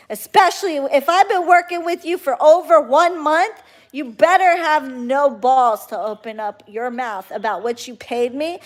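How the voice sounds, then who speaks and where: Woman, high voice, heated, profane, blunt, casual rant. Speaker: spiritual worker.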